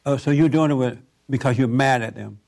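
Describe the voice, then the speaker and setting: A man with a medium-pitched, creaky, somewhat dark voice speaks briskly while counseling a guest one-on-one. He asks her probing questions, repeats her answers back to her and occasionally jokes.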